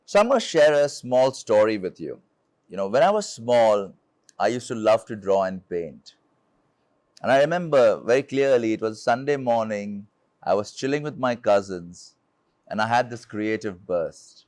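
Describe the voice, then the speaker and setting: A man's voice: lowish voice, lively intonation, moderate pace, darkish tone, dry recording. A man from India, giving an earnest motivational talk as a leadership speaker, telling a personal story and asking rhetorical questions.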